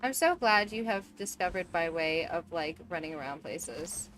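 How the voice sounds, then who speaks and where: A woman's voice: fairly low pitch, lively intonation, normal speed, fairly bright tone, slight background noise, low-quality recording. A woman in her thirties streaming a game from home, chatting in a rambling, easygoing way full of fillers. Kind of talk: casual chat while gaming.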